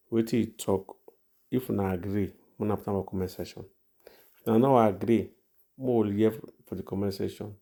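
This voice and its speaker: A man's voice: on the low side, creaky, warm tone. A man with a Nigerian Pidgin accent introducing a video, speaking straight to viewers and asking them for comments. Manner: addresses viewers directly, asks for comments. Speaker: video host. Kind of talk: casual introduction.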